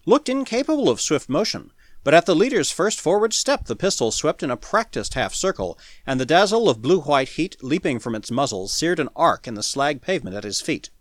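A man narrating a pulp science fiction story as an audiobook in a dramatic, animated reading. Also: mid-range voice, no echo, clean studio sound.

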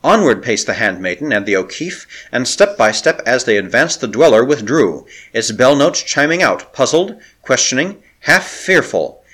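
Male audiobook narrator, animated intonation, dramatic and measured. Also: mid-range voice. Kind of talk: scripted narration.

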